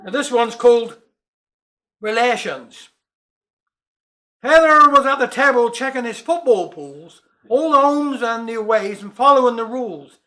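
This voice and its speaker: A Cornish man tells dialect jokes and comic rhymes in a very high voice. His tone is bright and sharp, and he chuckles at his own punchlines. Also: animated, measured pace. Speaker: dialect comedian.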